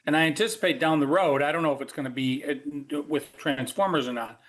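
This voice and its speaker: Guy with a slightly high voice cohosting a podcast, muses out loud, cracks little jokes. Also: a little fast. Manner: musing and joking, thinks aloud. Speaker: co-host. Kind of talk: casual podcast discussion.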